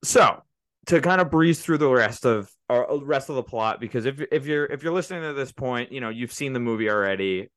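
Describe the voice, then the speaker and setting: A man's voice: mid-range voice, lively intonation, a little fast, a bit bright, no echo. A man co-hosting a casual movie podcast, rambling through the plot with many restarts and fillers. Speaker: podcast co-host.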